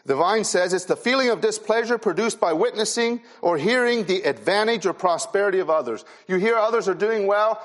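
A man pastor preaching a sermon to young people, earnest and repeating key phrases for emphasis, often dropping soft and low in sorrowful passages. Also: lively intonation, a little fast, few pauses. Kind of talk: sermon to a youth conference.

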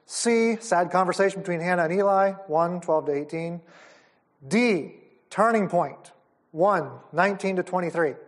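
A man's voice: high voice, moderate pace. A man teaching at a Bible conference, enthusiastic and explaining things step by step. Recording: audio of a live talk.

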